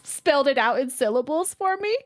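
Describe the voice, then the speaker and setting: A woman's voice: sits high, lively intonation, fairly quick. A woman in her thirties co-hosting a podcast, telling stories in casual chat, swearing freely and laughing often. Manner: profane, laughing storyteller. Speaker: podcast co-host.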